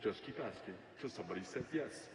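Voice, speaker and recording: A man voicing his male Spanish mentor, a suave master salesman with a deep, rich voice. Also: animated, background noise, natural voice. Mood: wise. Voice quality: deep, rich, slow and smooth. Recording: echoey hall, crowd, from afar.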